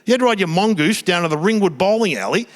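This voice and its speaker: Animated Australian man doing stand-up. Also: sits high, quick pace. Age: 50s. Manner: animated storytelling, swearing, acting out family dialogue. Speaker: stand-up comedian. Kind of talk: stand-up routine. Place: theatre stage before a live audience.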